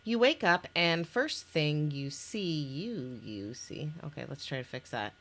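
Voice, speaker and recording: She has a deep voice with lively intonation and a measured pace. Presenting the interactive story game she made, she reads its scenes aloud in a casual chat, punctuated by restarts and laughter.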